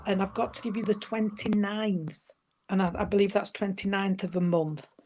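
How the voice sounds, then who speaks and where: A woman medium giving a gentle, chatty spirit reading, calling her listener sweetheart and darling. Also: medium pitch, fairly even intonation, moderate pace, slight background noise.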